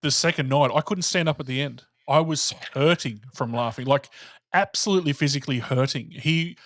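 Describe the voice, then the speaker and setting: A man's voice: fairly high pitch, brisk, fairly bright tone, dry recording. A man, a podcast guest telling stories in casual chat and swearing freely.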